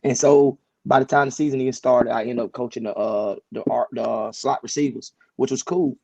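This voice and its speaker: A man who coaches high school sports, telling his story as a guest in a casual interview, relaxed and often restarting his sentences. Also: fairly quick, vocal fry, dry recording.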